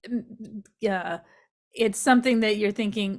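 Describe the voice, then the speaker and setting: A woman chatting casually as a guest, telling animated stories and laughing often. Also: medium pitch. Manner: animated storytelling, quick to laugh. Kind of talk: casual chat.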